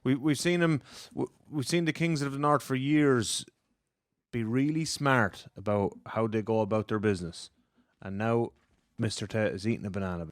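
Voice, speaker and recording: An Irish man co-hosting a wrestling podcast in casual chat, making wry, deadpan quips. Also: mid-range voice, normal speed, dry recording, studio quality. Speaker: podcast co-host.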